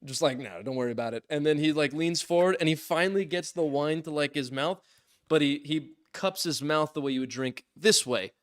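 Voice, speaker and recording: A young man casually telling a funny story on a podcast, lively, acting out what others said and laughing often. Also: fairly high pitch, brisk, no echo, clean studio sound. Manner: animated, acts out quotes in voices, laughs often. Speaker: podcast co-host.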